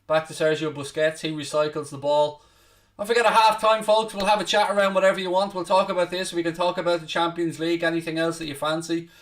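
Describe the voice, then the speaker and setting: A man hosting a live football watchalong, commentating casually, swearing a little, mocking himself, and shouting out loud at big chances. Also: a little high, fairly even intonation, fast, far from the mic. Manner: self-deprecating, swears casually. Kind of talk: live match commentary and chat with viewers.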